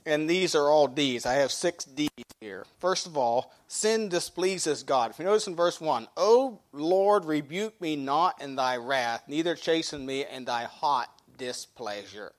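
A middle-aged male pastor preaching a sermon in a folksy way, repeating and restarting phrases and reading scripture slowly. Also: fairly high pitch.

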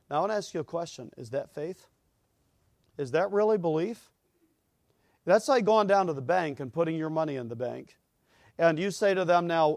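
A man's voice: a little high, moderate pace, a little mellow, no echo, clean studio sound. A man preaching a sermon, telling stories with acted-out voices that build to emphatic peaks. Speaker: pastor.

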